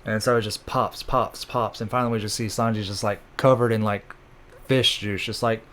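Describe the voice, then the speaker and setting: A man's voice: on the low side, fairly even intonation, moderate pace, fairly bright tone, a little hiss or hum. A man casually recapping comic chapters in a rambling way, with many fillers and crude jokes. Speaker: channel host recapping manga.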